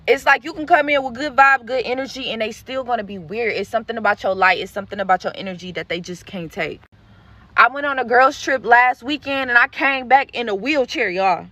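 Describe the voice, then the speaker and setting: A woman's voice: on the high side, fairly quick, sharp tone. A young adult woman telling a storytime rant in a casual, blunt, profane way, acting out what other people said. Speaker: social media creator.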